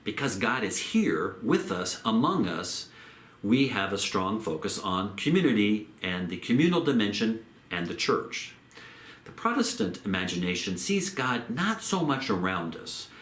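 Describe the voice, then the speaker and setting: Lively low-voiced male lecturer, echoey room. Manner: measured, repeats phrases for emphasis, slows on key terms. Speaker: theology lecturer. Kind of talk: recorded lecture.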